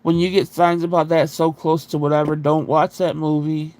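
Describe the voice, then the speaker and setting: A middle-aged man telling a personal story in casual chat, animated and swearing, with his voice jumping up whenever he quotes himself. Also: on the high side, normal speed, no echo. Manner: animated, rising sharply when quoting himself, swearing. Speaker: book club stream host.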